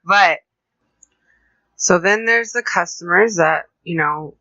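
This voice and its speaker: A woman co-hosting a podcast, talking fast and rambling in casual chat. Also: lowish voice, bright, forceful tone, dry recording, lo-fi sound. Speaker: podcast co-host.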